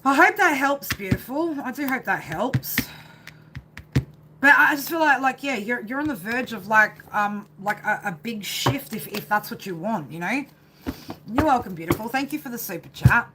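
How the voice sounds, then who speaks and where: Bright-voiced woman giving a rambling tarot reading. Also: fairly high pitch, expressive, normal speed, slight background noise. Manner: rambling, casual and profane, constant "right?" tags. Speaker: tarot reader. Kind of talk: live tarot reading on a stream.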